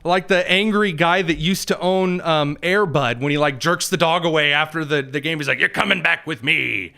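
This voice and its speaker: A male host delivers political commentary with sarcasm and mocking jokes. His voice is smooth and clear and sits a little high. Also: sharp tone. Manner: quick, mocking, jokey asides.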